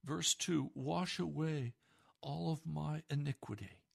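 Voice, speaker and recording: Gravelly-voiced male preacher, hushed to pleading. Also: fairly high pitch, takes it slowly. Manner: impassioned, swings from hushed to pleading. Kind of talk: sermon.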